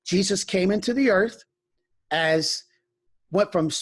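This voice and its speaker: Slow and high-voiced, this pastor tells stories in a candid conversational interview, frequently breaking off to restart his phrases.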